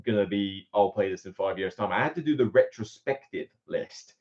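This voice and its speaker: A West Country man from England, appearing as a guest board game reviewer on a live stream, chats casually and laughs often. His fairly low voice moves at normal speed, and the stream audio is dull and lo-fi.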